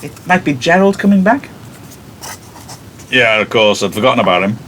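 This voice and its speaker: A man's voice: fairly low pitch, sing-song, moderate pace, long pauses, fairly bright tone, a little hiss or hum. Chatty wry male teacher. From United Kingdom. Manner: chatty, wry, self-mocking. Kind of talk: reading a play aloud with commentary.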